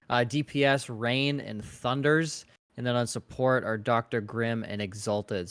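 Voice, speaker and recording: A man's voice: mid-range voice, fairly bright tone, clean tone. Rambling male esports co-caster. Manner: rambling, hesitant with fillers. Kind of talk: esports match commentary.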